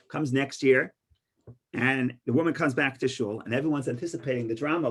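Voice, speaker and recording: A man teaching an informal Torah class, an animated storyteller with many restarts who gets loud for punchlines. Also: medium pitch, quick pace, slightly rough. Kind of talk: informal Torah lesson with stories and jokes.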